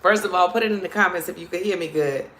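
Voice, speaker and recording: A woman with a New Orleans accent hosts a live stream as a comedian, chatting playfully with viewers and calling them "girl" and "child." Her voice is on the low side, fast and a bit bright, in an echoey room with slight background noise.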